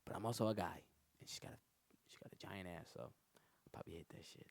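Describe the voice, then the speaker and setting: A man hosting his own comedy podcast alone, rambling through profane, animated stories. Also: quick pace, gravelly, no room sound. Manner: profane, animated storytelling that jumps in pitch. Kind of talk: rambling solo comedy monologue.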